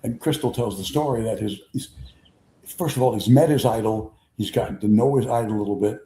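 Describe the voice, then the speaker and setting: An older man hosting a sports talk show, telling stories in an animated, casual way and acting out quotes. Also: mid-range voice, brisk, slight background noise. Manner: animated raconteur, acts out quotes. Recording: echoey room.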